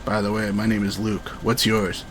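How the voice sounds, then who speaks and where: A man voicing a calm young man with a deep, soft voice. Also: moderate pace, music in the background, natural voice. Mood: smooth.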